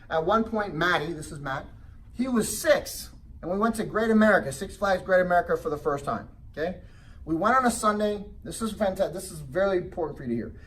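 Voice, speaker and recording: A middle-aged man giving a motivational real estate seminar talk, telling a family story and asking the audience questions. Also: fairly bright tone. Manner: acts out child's voice in high pitch. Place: presentation room. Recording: distant mic with faint background noise.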